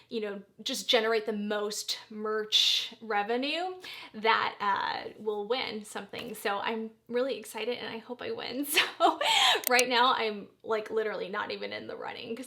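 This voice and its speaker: A woman's voice: mid-range voice, gravelly, a bit bright. A middle-aged woman chatting casually to her viewers as a beauty vlogger, bubbly and gushing. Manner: bubbly, gushing, lots of "you guys". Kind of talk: chatty makeup tutorial talk.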